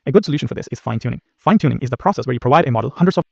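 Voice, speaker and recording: A man narrating a scripted technical lesson as course instructor, in a brisk, steady, explanatory manner. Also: medium pitch, creaky, breathy edge, no echo. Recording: dull dry voice-over recording.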